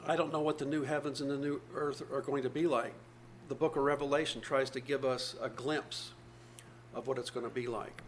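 A man's voice: mid-range voice, fairly even intonation, brisk, a little hiss or hum. A man, probably older, preaching a sermon, reading scripture aloud and explaining it earnestly with repeated phrases.

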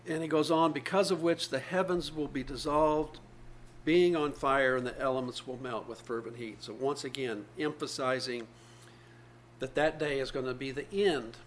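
A man's voice: mid-range voice, measured pace, slight background noise. A man, probably older, preaching a sermon, reading scripture aloud and explaining it earnestly with repeated phrases.

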